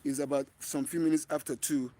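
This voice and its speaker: A man's voice: on the high side, flat delivery, brisk, dark tone. Earnest Nigerian man hosting a livestream. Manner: earnest, repetitive, often restarts phrases. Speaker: livestream host. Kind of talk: live-streamed talk to viewers. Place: outdoors in bright sun.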